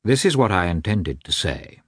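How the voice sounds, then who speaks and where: A man voicing a stiff middle-aged husband who speaks coldly, calmly and with deliberation. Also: sits low, husky, no echo, clean studio sound, full character voice. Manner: cold, calm, deliberate.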